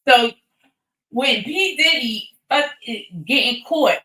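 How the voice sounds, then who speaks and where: A woman with a high-pitched, pushed and bright voice speaks slowly on a casual livestream, rambling and swearing freely as she addresses her viewers directly. The sound is roomy, with her voice a bit distant from the mic.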